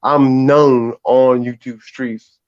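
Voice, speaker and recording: A man's voice: medium pitch, flat delivery, slow, darkish tone, smooth, muffled recording. A man with a Southern American accent, talking boastfully and profanely on a live stream panel, laughing often. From Southern United States. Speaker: panel caller. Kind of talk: casual live stream chat.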